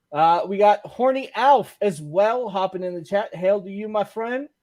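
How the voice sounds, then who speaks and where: Man, high voice, podcast host, casual live-stream chat, reads chat messages, joking. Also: unhurried, a little mellow.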